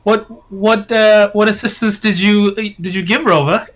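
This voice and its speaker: A man playing a tabletop game, talking haltingly and repeating words as he works out his questions. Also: high-pitched, steady tone, crowd noise. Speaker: player. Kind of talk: casual tabletop role-play.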